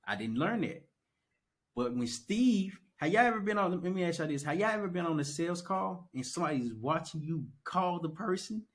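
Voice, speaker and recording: Animated young man telling his story. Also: high-pitched, a little fast. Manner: animated storytelling, repeats phrases for emphasis. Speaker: podcast guest. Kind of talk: casual conversation.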